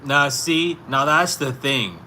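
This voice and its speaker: A man's voice: medium pitch, slow, sharp tone, a little hiss or hum. A man vlogging in a casual, incredulous way, chuckling as he argues back at someone unheard. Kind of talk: casual spoken monologue. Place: outdoors on a street.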